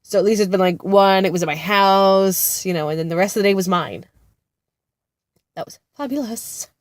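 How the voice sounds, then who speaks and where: A woman's voice: medium pitch, normal speed, no echo, clean studio sound. A woman in her thirties who sounds congested from being sick, talking casually with lots of fillers and laughs as she rambles about her kids. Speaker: vlogger, mother of two. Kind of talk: casual chat. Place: sitting in a car-like space outside a therapy center.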